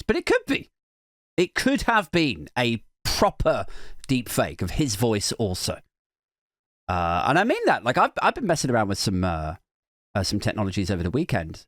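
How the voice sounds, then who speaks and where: A man hosting a podcast, riffing sarcastically in a rambling comedy monologue that swings from mock outrage to low muttering. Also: huge pitch swings, moderate pace, dry recording, clean studio sound. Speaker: podcast host.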